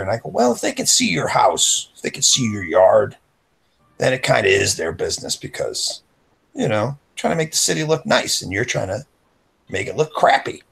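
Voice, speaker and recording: A man's voice: mid-range voice, sing-song, normal speed, creaky, fairly bright tone, husky. A man co-hosting a casual podcast chat, telling a rambling story and acting out the voices of people he quotes. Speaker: podcast co-host.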